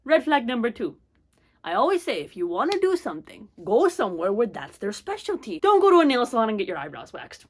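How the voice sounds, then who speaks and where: Animated young woman telling a story. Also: on the high side, fairly quick. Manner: animated, acts out voices in her stories. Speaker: vlogger. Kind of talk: storytime vlog.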